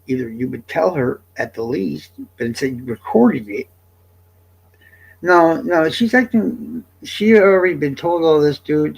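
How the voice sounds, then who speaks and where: A man's voice: medium pitch, vocal fry, darkish tone, breathy edge, poor audio. A man streaming live, chatting casually to viewers in a blunt, exasperated, profane way.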